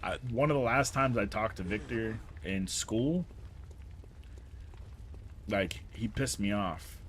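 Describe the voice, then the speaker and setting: Lively storytelling man, fairly low voice. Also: a little hiss or hum. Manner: animated, laughs often, acts out the people he quotes. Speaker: streamer. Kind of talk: casual storytelling to a live chat.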